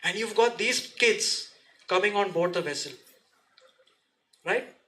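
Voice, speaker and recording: A man speaks to a seminar audience in a lively, direct way and keeps firing questions at them. His voice sits high and sounds bright and forceful. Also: slow pace, poor audio. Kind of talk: motivational seminar talk. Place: seminar room.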